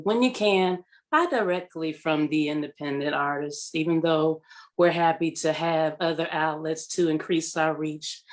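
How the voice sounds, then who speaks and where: A woman guest, a singer, calmly sharing where to find her music and asking people to buy from independent artists. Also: low voice.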